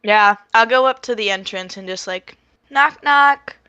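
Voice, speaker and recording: A woman's voice: medium pitch, moderate pace, pushed and bright, clean tone, no echo, lo-fi sound. A woman playing a tabletop role-playing game, chatty and apologetic, with many fillers. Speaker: player. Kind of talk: casual tabletop role-play.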